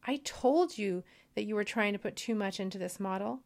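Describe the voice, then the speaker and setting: A woman voicing a gentle, skeptical female angel while reading a story aloud. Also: medium pitch, moderate pace, close to an everyday voice. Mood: incredulous.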